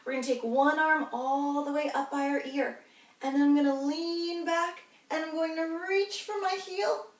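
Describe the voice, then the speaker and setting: A woman with a high voice leads a children's yoga class, talking the kids through each pose in a cheerful, encouraging way. She sounds set back from the mic, and her voice rings around an echoey room. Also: steady tone, moderate pace, recorded from a distance. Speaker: kids' yoga instructor.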